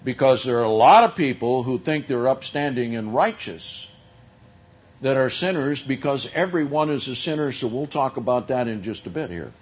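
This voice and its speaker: A man preaching a sermon, teaching from scripture in a slow, deliberate way with drawn-out emphasis. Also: medium pitch, animated, muffled recording.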